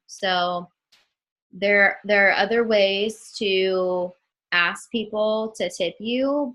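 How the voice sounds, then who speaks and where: Slow, bright-voiced woman leading a call. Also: lowish voice, low-quality recording. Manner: slow and chatty, many ums, addresses listeners as guys. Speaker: trainer for new webcam models. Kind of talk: casual training talk on a group call.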